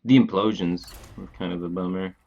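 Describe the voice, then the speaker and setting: A man's voice: low voice, fairly even intonation, darkish tone, muffled recording. A man streaming a card game live, thinking aloud through his moves and chatting casually with viewers. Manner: thinks aloud, plans moves in quick bursts; laid-back, talks to his chat casually. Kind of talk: live gameplay commentary.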